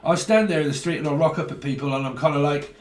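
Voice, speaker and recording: A man talks through a tarot reading in a loose, rambling way, swearing and dropping slang as he goes. His voice sits a little high for a man. The sound is roomy, picked up from a mic set some distance away. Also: quick pace. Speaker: tarot reader. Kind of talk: casual tarot reading monologue.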